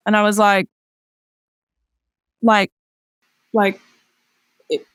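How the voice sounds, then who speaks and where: Speaking very slowly and flatly, this podcast guest recounts a personal story, leaning on "like" fillers and raising her voice to quote others. Her tone is fairly bright and clean, recorded in a studio with no echo.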